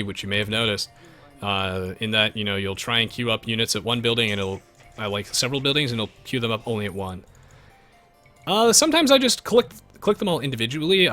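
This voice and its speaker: A man live-streaming a strategy game, chatting to viewers and reading their messages. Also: mid-range voice. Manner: animated, chatty, jumps between game and viewers. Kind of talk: live gameplay commentary, reading chat.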